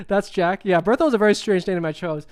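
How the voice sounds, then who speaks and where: A man hosting a casual livestream, rambling and repeating himself as he cues up clips. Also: sits high. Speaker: livestream host.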